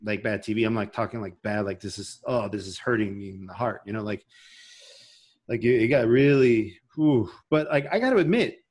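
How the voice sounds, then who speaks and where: A man's voice: lowish voice, moderate pace, darkish tone, husky. A man hosting a podcast in casual chat, rambling and emotional as he talks. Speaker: podcast host.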